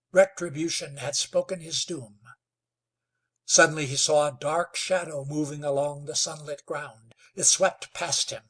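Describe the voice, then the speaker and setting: A man narrating a western novel in a slow, dramatic storytelling manner. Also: fairly high pitch, fairly bright tone, slightly rough. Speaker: audiobook narrator. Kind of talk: scripted narration.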